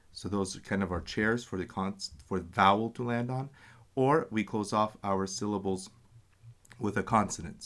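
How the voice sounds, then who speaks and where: A man patiently teaching a reading lesson, sounding out syllables and pausing to explain and correct himself. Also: fairly low pitch. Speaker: language teacher.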